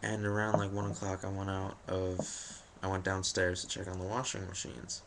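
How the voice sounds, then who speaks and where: A man's voice: low-pitched, completely flat delivery, normal speed, gravelly, noisy background. A young man telling a story about his day to camera, rambling and jokey, with lots of fillers and self-deprecating asides. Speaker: vlogger.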